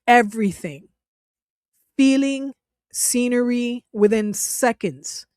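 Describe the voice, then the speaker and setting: A woman's voice: fairly high pitch, slow pace, darkish tone, clear, resonant tone, no room sound, clean studio sound. A woman hosting her own channel, telling a personal story in casual talk. She is emotional, restarts often and laughs now and then as she speaks. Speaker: channel host.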